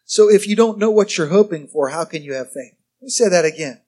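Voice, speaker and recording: High-voiced pastor joking with his congregation. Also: expressive, a little fast, darkish tone. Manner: conversational, humorous, quizzes the congregation. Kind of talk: sermon.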